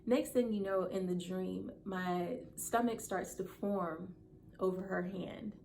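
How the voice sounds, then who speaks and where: Woman in her 30s telling a heartfelt story straight to camera, earnest, lots of vocal fry. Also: medium pitch, steady tone, slow, darkish tone, slight background noise. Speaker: content creator.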